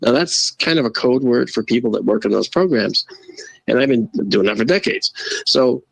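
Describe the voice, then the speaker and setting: A man guest telling a casual, animated story and acting out the quoted voices. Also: mid-range voice, normal speed, vocal fry, no echo, poor audio. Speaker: guest, astronomer and photo-video analyst.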